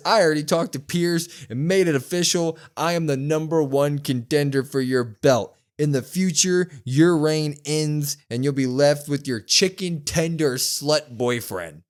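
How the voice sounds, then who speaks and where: A woman's voice: sits low, unhurried, hardly any pauses, darkish tone. A man putting on a tough woman wrestler who lays down a challenge and taunts her rival. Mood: taunting.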